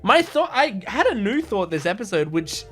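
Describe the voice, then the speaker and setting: A man's voice: high voice, very animated, moderate pace, fairly bright tone, faint music behind. A young man giving casual commentary on an anime episode, talking in an earnest, gushing, rambling way with many restarts. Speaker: anime reaction host.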